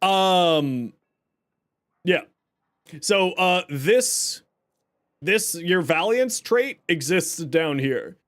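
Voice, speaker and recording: This young streamer speaks extremely slowly, pausing often, in a high-pitched, expressive, slightly bright voice. He's chatty and jokey, reading chat aloud and explaining his build during a casual live stream.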